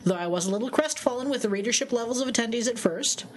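A woman reads a listener letter on a podcast, moving through it quickly. The delivery is brisk and steady. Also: a little high, breathy edge. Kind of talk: reading a listener letter aloud.

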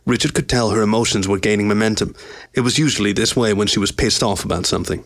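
A man narrating a story in a steady, even reading voice. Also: on the low side, fast, creaky, no echo.

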